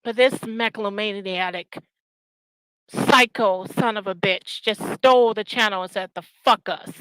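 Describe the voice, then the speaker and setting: Woman, angry vlog rant, profane and scornful, slow deliberate delivery, bright tense tone. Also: medium pitch, clean tone, no echo, poor audio. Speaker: channel host. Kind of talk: angry ranting commentary.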